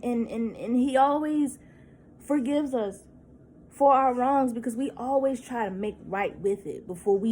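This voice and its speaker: Upset and holding back tears, a vlogger in her thirties rants agitatedly, swearing, repeating herself, and breaking off to restart words. Her voice is a little high and a little mellow, captured on poor audio.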